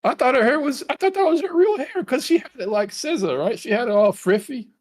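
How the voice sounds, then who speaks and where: A man's voice: very high-pitched, expressive, a little fast. A man co-hosting a reaction show, making wry, joking asides in casual chat. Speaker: co-host reacting to a dating show clip.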